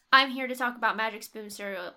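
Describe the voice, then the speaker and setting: A young woman with a bright, lively voice and a slightly high pitch. She chats casually as a podcast co-host. She is opinionated and jokey, laughing as she talks. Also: brisk. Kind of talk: casual chat and product review.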